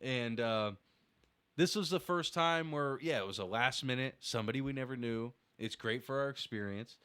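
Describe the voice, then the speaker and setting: A man hosting a podcast, talking casually, swearing freely and laughing loudly. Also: medium pitch, moderate pace, smooth. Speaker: podcast host. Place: podcast studio.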